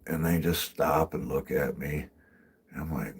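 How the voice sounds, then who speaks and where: The voice is extremely low, gravelly and a touch rough, coming a little slowly. It belongs to a man who climbs trees and livestreams, talking loosely from behind the wheel with plenty of profanity, tangents and laughter.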